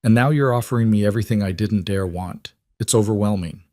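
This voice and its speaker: A man voicing a tender, anxious young mother who speaks softly and hesitantly in a narrated romance story. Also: on the low side, brisk, no room sound, clean studio sound, close to an everyday voice. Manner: soft, emotional, hesitant.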